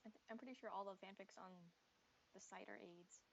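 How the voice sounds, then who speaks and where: A woman chatting quietly in the background of a stream, commenting from off-mic. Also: mid-range voice, fairly quick, a little hiss or hum. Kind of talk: casual chat in the background of a stream. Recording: distant and muffled, far from the mic.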